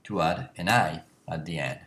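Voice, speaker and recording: A man teaching a language class, explaining slowly with many pauses and self-corrections. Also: deep voice, a bit bright, a little hiss or hum. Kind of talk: classroom lecture.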